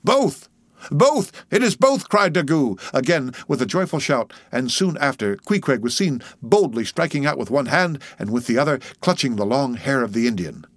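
Male audiobook narrator, measured and dramatic delivery, dry close recording. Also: mid-range voice, expressive, no echo. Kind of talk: audiobook narration of a classic novel.

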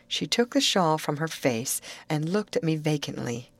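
A woman narrating a classic novel aloud in a measured, earnest storytelling manner. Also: low voice, expressive, no room sound. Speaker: audiobook narrator.

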